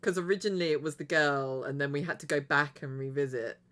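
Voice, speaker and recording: A woman's voice: sits low, fast talker, fairly bright tone. A woman livestreaming a video game, chatting casually to her viewers in a rambling way and giggling often. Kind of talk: casual chat while streaming a game.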